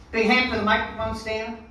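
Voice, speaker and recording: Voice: medium pitch, heavy background noise. Rambling profane older stand-up comic. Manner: profane, rambling, loud swings. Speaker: stand-up comedian. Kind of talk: stand-up set. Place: comedy club stage. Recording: echoey room from a distant mic.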